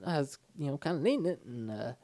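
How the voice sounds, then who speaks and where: A young man co-hosting a podcast, telling rambling stories in casual chat with halting restarts. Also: a little high, very animated, mellow, dry recording. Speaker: podcast co-host.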